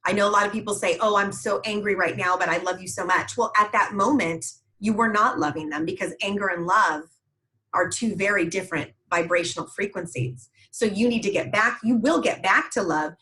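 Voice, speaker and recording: A woman's voice: medium pitch, sharp tone, rough recording. A woman hosting a group coaching call, speaking in an encouraging, reflective way. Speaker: host.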